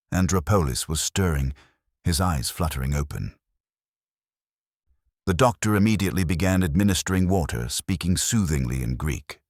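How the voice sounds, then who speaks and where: Very deep husky male narrator. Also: expressive, normal speed, no room sound, clean studio sound. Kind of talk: scripted audiobook narration.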